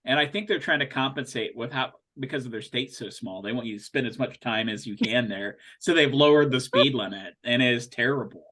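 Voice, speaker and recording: A man from Ohio chatting on a podcast, telling animated stories with goofy impressions. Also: medium pitch, brisk, few pauses. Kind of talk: casual chat.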